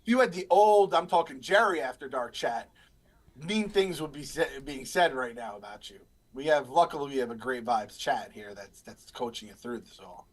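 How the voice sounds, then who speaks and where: A man's voice: mid-range voice, normal speed. A man in his thirties, a podcast co-host, rambling through casual live stream chat and stories. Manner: rambling, animated storyteller.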